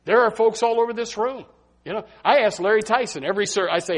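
A male pastor preaching a sermon in a church, emphatic and repetitive, swinging from hushed asides to loud exhortation. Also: high voice, quick pace. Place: church sanctuary.

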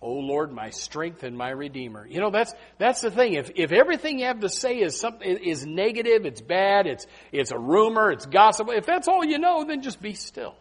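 A male pastor preaching a sermon in a church, emphatic and repetitive, swinging from hushed asides to loud exhortation. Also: sits high, sing-song, a little fast, hardly any pauses. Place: church sanctuary.

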